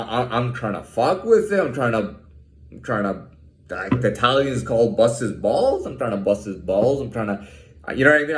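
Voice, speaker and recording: Worked-up guy ranting and cursing, voice jumping all over, fairly high, roomy echo. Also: slight background noise. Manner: agitated ranting, swearing, repeated restarts. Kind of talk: profane monologue to camera.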